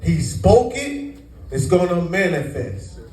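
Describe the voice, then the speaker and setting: A man's voice: high-pitched, very animated, slow pace, darkish tone. A man teaching scripture to a congregation, quizzing them to fill in the words. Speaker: Bible teacher. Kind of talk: call-and-response sermon teaching. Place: congregation meeting room. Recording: echoey room, mic far off.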